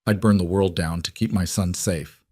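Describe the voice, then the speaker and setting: A man's voice: sits low, steady tone, normal speed, a little mellow, dry recording, clean studio sound. A man voicing a determined young mother, a former field medic, who speaks tense and urgent.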